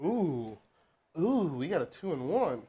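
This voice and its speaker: Man, live-stream host, sales coach, loud, animated, lively pitch, rallies viewers. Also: unhurried, slightly rough, lo-fi sound. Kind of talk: energetic live-stream teaching.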